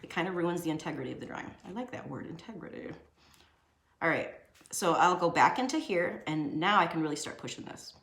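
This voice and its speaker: Her voice is lowish, creaky and fairly bright, with lively intonation and a fairly quick pace. The young art teacher runs an informal drawing lesson in an echoey space, joking and chatting to herself as she shades.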